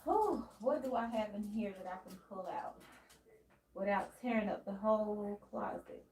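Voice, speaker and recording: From her home near a closet, a woman hosts a relaxed live tarot stream, rambling in a loose, down-to-earth manner and greeting viewers by name. Her mid-range voice is a little mellow, at a moderate pace.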